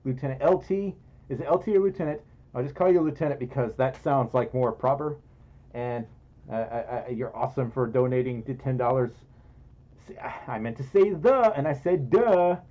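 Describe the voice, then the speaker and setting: This streamer is a man in a fursuit, hosting a casual indoor livestream where he playfully reads donations aloud, giggling and poking fun at himself. His mid-range voice is mellow and moderately paced, and the recording is muffled.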